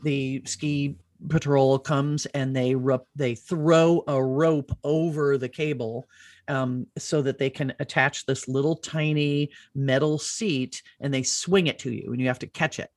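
A middle-aged woman hosting a podcast, telling an animated, rambling story in casual chat and swearing freely. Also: a bass voice, a little slow, dry recording, clean studio sound.

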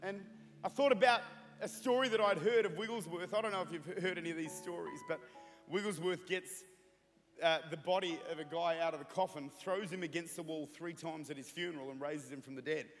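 A man's voice: on the high side, brisk. A man in his thirties preaching a sermon, telling a humorous story and building into fervent prayer. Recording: reverberant hall with music.

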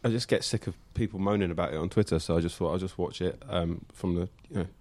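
Low-voiced guy talking fast on a podcast panel, rapid-fire opinions. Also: darkish tone, dry recording. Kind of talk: casual chat.

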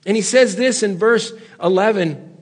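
A man delivers an impassioned sermon in a high, breathy voice. He sinks to low, quiet stretches and then climbs to loud, raised pleas. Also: normal speed. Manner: impassioned, swings between hushed low lines and loud raised ones. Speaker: preacher.

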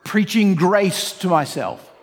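A man's voice: high-pitched, expressive, takes it slowly, big-room sound. A man preaching a sermon as pastor, earnest, asking the congregation rhetorical questions and acting out imagined inner voices. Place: church sanctuary.

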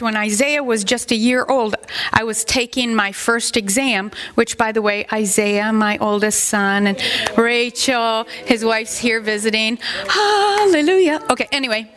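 A woman's voice: fairly high pitch, fairly bright tone. A middle-aged woman pastor giving a sermon in a conversational, rambling way, with asides that rise into emphatic questions.

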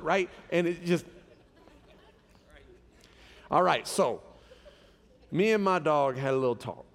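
A man, a pastor, preaching a sermon with animated, humorous storytelling. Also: sits high, takes it slowly, long pauses, long reverb tail.

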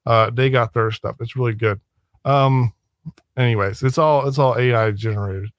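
A man's voice: medium pitch, fairly even intonation, normal speed, no room sound. A man talking casually on a podcast, rambling with many restarts and sneering asides.

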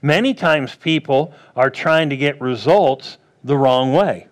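A pastor preaching a sermon in a plain, conversational way, asking the crowd rhetorical questions and acting out what people and God might say. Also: male voice, mid-range voice, a little slow, few pauses.

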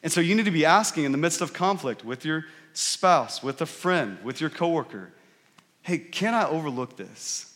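Expressive and a little fast, with hardly any pauses, this fairly high, slightly bright voice belongs to a pastor in his thirties. He preaches conversationally, often asking the congregation "right?", in a recording with long hall reverb.

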